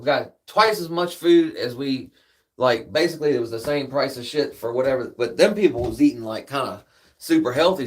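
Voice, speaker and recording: Laid-back male streamer telling a story off the cuff, profane and rambling, average pitch. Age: adult with a daughter. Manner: rambling, profane, peppers speech with "man". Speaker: livestream host. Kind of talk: casual storytelling.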